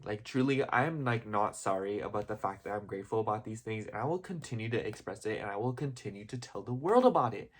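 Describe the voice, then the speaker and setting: A young man talking in a casual, heartfelt vlog, rambling with constant "like" and "you know" and openly emotional and gushing. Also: on the low side. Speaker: vlogger.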